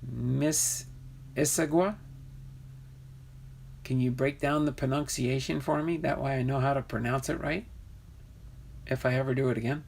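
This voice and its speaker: A man's voice: medium pitch, fairly even intonation, a little fast, creaky, a little hiss or hum. A man hosting a live stream, reading viewers' comments, laughing and trying out pronunciations in a chatty way. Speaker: livestream host. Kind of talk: casual live chat with viewers.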